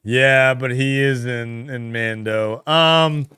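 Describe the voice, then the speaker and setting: This livestream co-host has a medium-pitched, smooth voice and takes his time. He chats casually, thinking out loud while responding to viewer comments, relaxed and full of fillers and laughter. There's no room sound.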